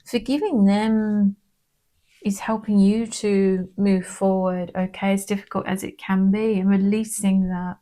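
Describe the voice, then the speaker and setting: A woman giving a casual tarot card reading in a gentle, reassuring manner, often checking in with "okay?". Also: mid-range voice, steady tone, unhurried.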